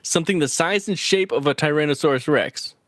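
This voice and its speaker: A man's voice: fairly high pitch, brisk, a bit bright, no echo. A man co-hosting a podcast in casual chat, telling the story with enthusiasm and frequent laughs. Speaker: podcast co-host.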